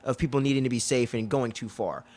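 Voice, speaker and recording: A man co-hosting a casual show review, excitable and profane, often acting out quotes in other voices. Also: medium pitch, quick pace. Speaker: podcast co-host.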